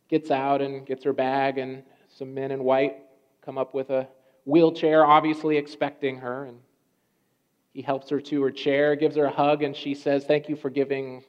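A man preaching a sermon, telling a story in a conversational way with restarts and pauses. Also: medium pitch, a little mellow. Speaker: pastor. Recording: dull lo-fi sound.

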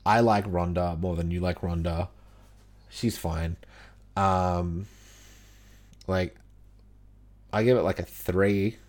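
Laid-back, low-voiced man. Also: fairly even intonation, takes it slowly, long pauses, darkish tone. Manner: laid-back, swears a lot, many fillers. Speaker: podcast co-host. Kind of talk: casual wrestling review chat.

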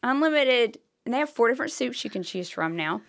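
A woman with a hoarse voice, co-hosting a podcast and telling a story in animated casual chat with whispered asides. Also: on the high side, fairly quick. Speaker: podcast co-host.

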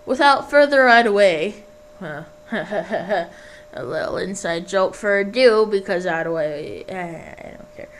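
A woman's voice: on the low side, slow pace, rough recording. A woman hosting a homemade radio show in a rambling, self-deprecating, jokey way.

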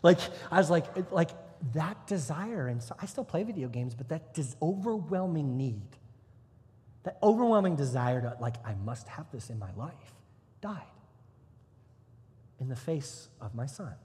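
A man preaching a conversational sermon as pastor, lively and acting out quoted voices. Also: fairly high pitch, a little slow, big-room sound.

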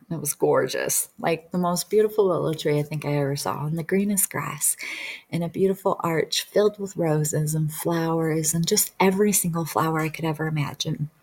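A woman with a slightly low voice tells a personal story in a loose, chatty way. Her talk is full of "like" and small restarts. She is a past-life regression practitioner sharing her own experience. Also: breathy edge. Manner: chatty, many "like" fillers, acts out quoted dialogue.

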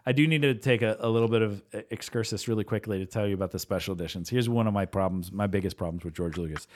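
A man's voice: fairly low pitch, very fast. A man co-hosting a casual podcast chat, telling stories in an enthusiastic, rambling way with fillers and restarts. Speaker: podcast co-host. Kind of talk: casual chat about films.

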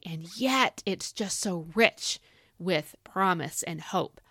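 A woman podcast host teaching from the Bible in an excited, folksy, emphatic way. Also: fairly low pitch, a little slow, dry recording, studio quality. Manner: animated, folksy, emphatic with y'all.

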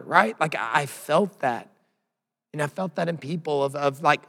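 A man's voice: medium pitch, normal speed, creaky, fairly bright tone, long reverb tail. A man preaching a sermon as a pastor, emphatic, with frequent rhetorical questions.

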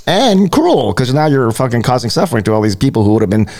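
A man's voice: mid-range voice, sing-song, fast talker, darkish tone. Sardonic, profane male podcast host. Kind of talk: casual chat.

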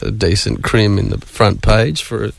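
A man, a musician guest chatting on the radio with dry, unhurried wit. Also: fairly low pitch, steady tone, vocal fry, dry recording. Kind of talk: casual radio interview.

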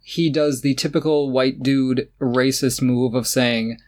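A man's voice: medium pitch, fairly even intonation, a little slow. A man co-hosting a podcast in casual chat, opinionated and sarcastic, often laughing as he talks. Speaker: podcast co-host. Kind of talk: casual chat about tennis.

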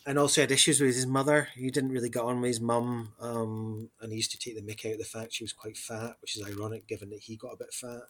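Husky man rambling animatedly. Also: medium pitch, quick pace, few pauses. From Scotland. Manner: rambling, animated, with many fillers and restarts. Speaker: podcast co-host. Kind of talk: casual discussion.

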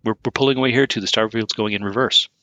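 A man's voice: on the low side, very fast, pushed and bright, no echo, lo-fi sound. A man co-hosting a podcast in casual chat, rambling with many fillers and restarts. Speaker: podcast co-host.

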